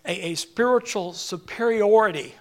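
An older man with a high voice preaches a sermon, halting and repeating words before building to emphatic peaks.

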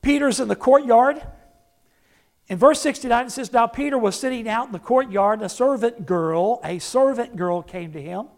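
A man's voice: very high-pitched, animated, normal speed, vocal fry, a little mellow. A male pastor preaching a sermon, emphatic, acting out the words of the figures he quotes and putting questions to the congregation.

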